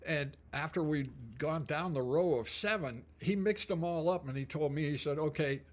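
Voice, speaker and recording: An older man telling a personal memory in a casual, rambling way, full of fillers and throat clearing. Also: fairly high pitch, moderate pace. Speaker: storyteller. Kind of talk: casual storytelling.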